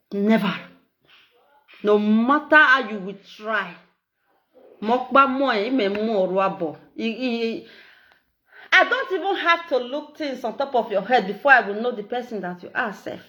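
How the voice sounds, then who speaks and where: A middle-aged Nigerian woman with an Edo accent, talking in a casual, animated, repetitive way and laughing often. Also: a little high, moderate pace, long pauses. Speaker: social media live streamer. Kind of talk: casual monologue in Pidgin and Edo.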